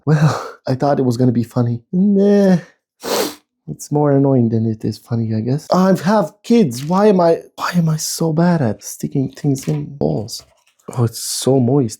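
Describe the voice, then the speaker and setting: A man talks through a phone unboxing in a loose, casual way. His voice is warm and mellow, and he swears freely, rants in frustration and jokes at his own expense. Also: on the high side, expressive, normal speed. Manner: exasperated, swearing, self-mocking rambling. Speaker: tech YouTuber.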